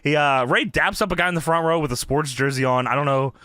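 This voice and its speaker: A man's voice: fairly high pitch, fast talker, dry recording, studio quality. A man hosting a podcast, recapping wrestling in casual chat, laughing and swearing often. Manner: laughing, profane, excited. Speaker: podcast host.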